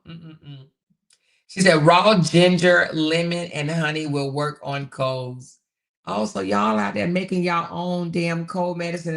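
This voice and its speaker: A woman with a gravelly voice on the low side hosts a relaxed livestream. She reads out viewer comments in a chatty manner, often repeating herself and laughing.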